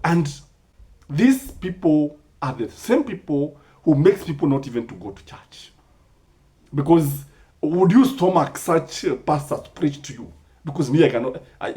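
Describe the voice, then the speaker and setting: A man's voice: mid-range voice, warm tone. A Kenyan man giving impassioned commentary, firing rhetorical questions and Swahili sayings.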